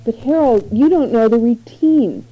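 A woman's voice: a little high, lively intonation, a little slow, phone-quality sound, voice pushed up. A woman reading the lines of a defensive young wife and mother in a literary story, answering in short, guarded replies.

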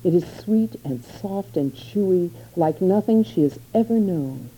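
A woman narrating a literary short story in a measured, unhurried reading. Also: on the low side, lively intonation, warm tone, slightly rough, rough recording.

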